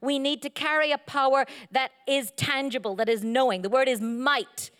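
A middle-aged woman preaching a sermon, animated and playful, telling humorous stories and slipping into silly voices. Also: normal speed, clean tone. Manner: animated, playful, jumps into high silly voices for quoted lines.

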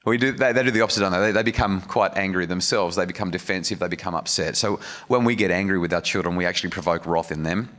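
A man's voice: fairly low pitch, fast, few pauses, fairly bright tone. A man preaching a sermon in a church hall, earnest and conversational, with restarts and asides to the audience. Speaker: speaker giving a church message. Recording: long reverb of a hall.

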